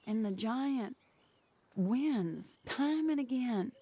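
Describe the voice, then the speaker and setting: A woman acting a gentle, heartbroken woman who reads her farewell letter aloud in a tender, sorrowful, measured way for a video game. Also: on the high side, animated, slightly rough, full character voice.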